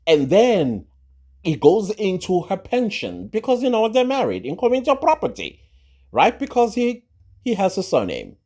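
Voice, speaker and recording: A man's voice: on the high side, dark tone. A man giving opinionated gossip commentary, sarcastic and full of rhetorical questions. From South Africa. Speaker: social commentary vlogger.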